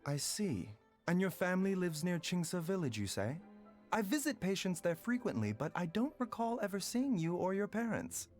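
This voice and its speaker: A man voicing a calm, courteous doctor in a video game, overly polite in a way that sounds sarcastic. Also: sits high, moderate pace, soft background music.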